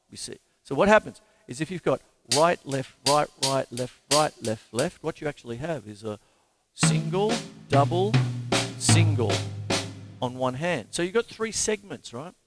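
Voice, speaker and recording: An Australian man teaching drums in a live-streamed lesson, chatty and jokey, counting rhythms and stickings aloud. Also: on the high side. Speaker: drum teacher. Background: drum kit playing.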